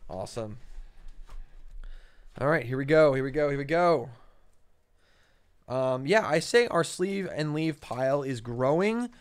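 In a clean, dry studio recording, a man co-hosts a casual card-collecting show, naming cards aloud as he opens packs. His mid-range, clean-toned voice is animated but unhurried, with frequent pauses and lots of fillers in an easygoing manner.

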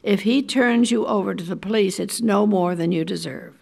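An older woman voicing a brash, scheming middle-aged woman executive, loud and bossy in manner, from a storybook reading. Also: medium pitch, normal speed, gravelly, husky. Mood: furious.

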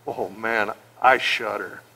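A middle-aged man pastor preaching a sermon in an animated, joking way, acting out the voices of people he quotes. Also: fairly low pitch, slow pace, vocal fry.

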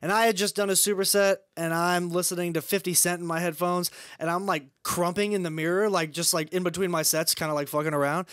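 A man's voice: high-pitched, steady tone, fairly bright tone, clean tone, no room sound, studio quality. A young man telling rambling anecdotes about his dad in a casual podcast chat. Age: young adult. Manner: rapid, rambling anecdotes full of fillers. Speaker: guest, comedian's son.

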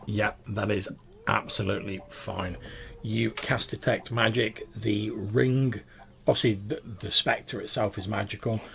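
A man's voice: on the low side, fairly even intonation, unhurried, creaky, a bit bright, a little hiss or hum. A man narrating as game master of a tabletop role-playing game, easygoing and descriptive.

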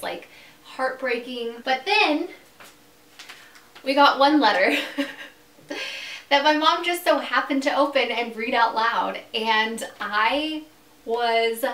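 A young woman chats through a giggly storytime vlog at home, her fairly high voice full of fillers and laughter. The room is echoey and she sits a little back from the mic. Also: bright, forceful tone, recorded from a distance. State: recovering from surgery. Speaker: YouTuber.

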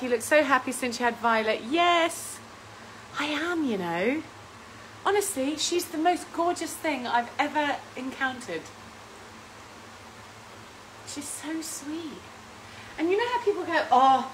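A woman's voice: high-pitched, fairly bright tone, slight background noise, rough recording. A woman, hosting a casual home cooking stream, chatting and rambling with frequent laughs while reading out viewer comments. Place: home kitchen.

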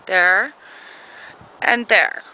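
A woman's voice: mid-range voice, extremely slow, sharp tone, low-quality recording. A woman chatting casually in a home vlog, bubbly and giggly. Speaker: vlogger.

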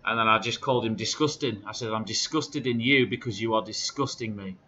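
A man in a casual vlog, aggrieved and indignant as he retells his calls. His voice sounds bright and edgy. The recording is dull and lo-fi, like a home phone camera. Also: fairly low pitch, brisk, a little hiss or hum. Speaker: charity runner.

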